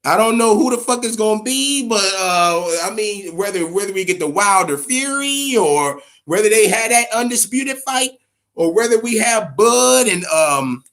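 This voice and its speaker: A man's voice: sits high, lively intonation, normal speed, a bit bright. Profane, emphatic man talking boxing. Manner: profane, emphatic, repeats himself. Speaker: boxing podcast host. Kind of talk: casual opinionated commentary.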